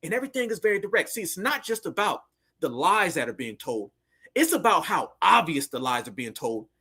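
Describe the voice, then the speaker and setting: A man's voice: a little high, big pitch swings, a little fast, sharp tone, breathy edge. A man hosting heated social commentary, fiery and preachy with lots of slang. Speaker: commentator host.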